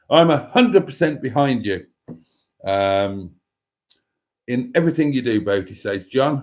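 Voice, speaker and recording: A man's voice: mid-range voice, animated, takes it slowly, darkish tone. A man hosting a live stream, chatting candidly and self-deprecatingly while reading viewer comments.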